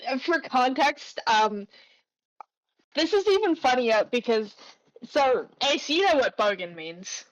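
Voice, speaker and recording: A woman's voice: high voice, sing-song, no room sound. A woman from Australia, co-hosting a podcast in casual chat, hesitant and full of fillers. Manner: unhurried, hesitant, with many fillers. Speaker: podcast co-host. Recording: slightly muffled lo-fi mic.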